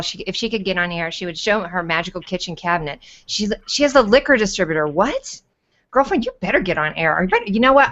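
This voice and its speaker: A woman hosting a casual live video chat, bubbly and teasing, calling viewers in with quick asides. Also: on the low side, fairly bright tone. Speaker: host. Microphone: video call. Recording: dull lo-fi video call audio.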